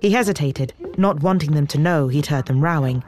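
Very low-voiced woman narrating. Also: brisk, a crowd in the background. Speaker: audiobook narrator. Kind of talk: scripted narration.

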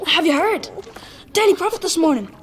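Woman putting on a gossipy schoolboy, way higher than her own voice, eager. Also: lively intonation, moderate pace, a little hiss or hum.

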